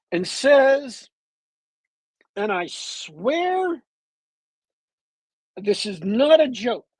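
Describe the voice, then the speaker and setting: A man on a podcast with a bad cold, retelling a movie plot as a meandering, detailed storyteller with long pauses. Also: high-pitched, a little mellow, no room sound, low-quality recording. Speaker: podcast co-host.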